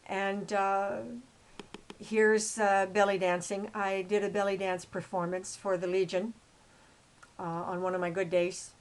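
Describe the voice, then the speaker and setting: An older woman from Canada narrating her life story over photos in a rambling way, with many fillers and restarts, growing loud and emphatic as she gets indignant. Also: mid-range voice, flat delivery, a little slow, clean tone. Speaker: autobiographical storyteller.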